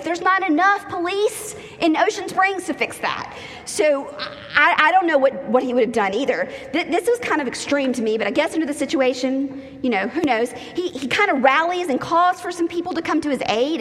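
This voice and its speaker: Woman preacher, high-pitched, playful storyteller, echoing hall. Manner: lively, humorous storytelling with acted-out quotes. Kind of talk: sermon. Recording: long hall reverb.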